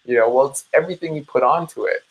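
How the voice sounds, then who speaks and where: Upbeat dietitian man, chatty and animated. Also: mid-range voice, fast talker, highs cut off. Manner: energetic, chatty, addresses viewers as "guys"; mimics listeners in animated quoted asides. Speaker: dietitian hosting a live support session. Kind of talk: casual live-stream advice talk.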